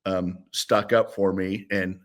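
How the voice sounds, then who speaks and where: A man's voice: sits low, slow pace. A man in his sixties, a former football player, telling stories as a guest in a casual interview. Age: 60s. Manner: animated, rambling with restarts.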